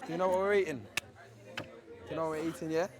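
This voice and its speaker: Fast-talking brash waiter. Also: male voice, a little high, steady tone. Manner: brash, joking. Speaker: waiter on a cooking show. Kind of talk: lively reality-show banter. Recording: busy restaurant crowd.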